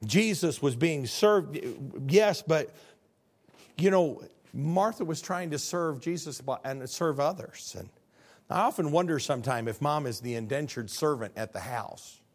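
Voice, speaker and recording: A man's voice: fairly high pitch, animated, a little slow. A middle-aged male pastor preaching a sermon in a conversational way, asking the congregation questions and acting out quotes.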